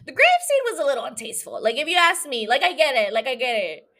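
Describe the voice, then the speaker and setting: A woman's voice: high-pitched, big pitch swings, fast talker, bright, forceful tone. A young woman hosting a podcast alone, rambling through a profane, giggly rant that jumps from one thought to the next. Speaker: solo podcast host.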